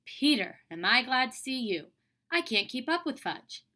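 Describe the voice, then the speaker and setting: Woman reading as harried mom chasing her toddler, lifted bright voice, fussing. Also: high-pitched, very animated, normal speed, pitched above the performer's own voice, heavily acted. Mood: flustered.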